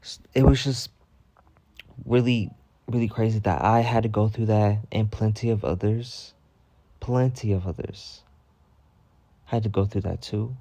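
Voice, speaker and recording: A young man spins a storytime rant at an unhurried drawl, his low voice full of gravelly fry. The tone is dark and mellow, and he plays up the drama with slang and plenty of swearing. The sound is dry, as if close to the mic. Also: fairly even intonation, dry recording. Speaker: storytime vlogger.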